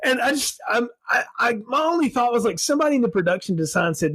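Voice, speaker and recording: A man's voice: very high voice, fast, hardly any pauses, husky, no room sound. A man, co-hosting a casual podcast chat and telling things animatedly with frequent laughs. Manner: animated storyteller, laughs often. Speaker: podcast co-host.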